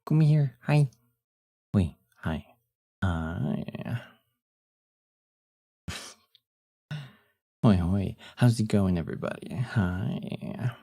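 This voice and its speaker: Young male streamer, husky morning voice, gravelly, slow easygoing talk. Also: fairly low pitch, expressive, mellow. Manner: laid-back, laughs often, trails off with fillers. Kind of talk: casual live-stream chat.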